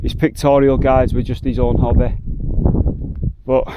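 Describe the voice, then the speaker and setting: Unhurried and level in tone, this medium-pitched man in his 40s vlogs while hiking outdoors in the mountains by a lake. His talk is reflective and heartfelt, emotional in nature, with background noise audible.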